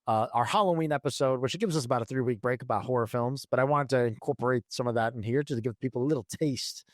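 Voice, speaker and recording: A man in his thirties co-hosts a casual podcast chat, rambling and swearing, with frequent restarts and laughs. His mid-range voice moves at a quick pace. The sound is clean studio quality with no echo.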